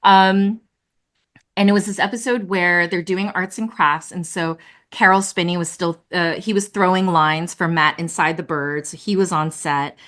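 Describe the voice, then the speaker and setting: A woman puppeteer, a guest on a video-call interview, telling lively stories with lots of laughter and fillers. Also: lowish voice, normal speed. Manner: animated, laughing, many fillers. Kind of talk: casual interview storytelling.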